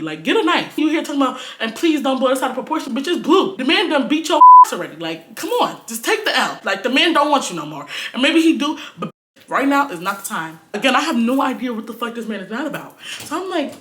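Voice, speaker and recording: Fast-talking young woman telling a story. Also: fairly high pitch, echoey room, a little hiss or hum. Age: young adult. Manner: animated, slangy, acts out quotes loudly. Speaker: vlogger. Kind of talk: storytime vlog.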